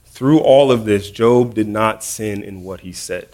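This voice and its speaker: A man's voice: lowish voice, unhurried, darkish tone. A man preaching a casual, conversational sermon with humorous, self-deprecating storytelling. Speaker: preacher, middle school teacher.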